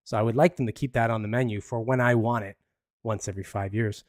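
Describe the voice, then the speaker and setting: A man's voice: fairly low pitch, fairly even intonation, fast talker, no echo, studio quality. A man hosting a live podcast, commenting in a casual, rambling, profane way with frequent laughs. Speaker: podcast host.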